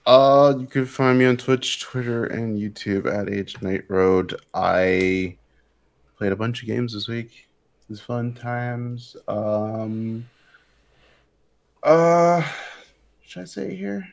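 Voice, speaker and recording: A man's voice: on the low side, fairly even intonation, slow. A man from Canada co-hosting a casual gaming podcast, giving short explanations with hesitant fillers. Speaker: podcast co-host.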